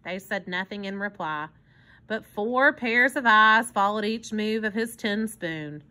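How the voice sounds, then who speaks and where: A woman reading a children's book aloud in an expressive storytelling manner. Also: medium pitch, unhurried. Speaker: narrator.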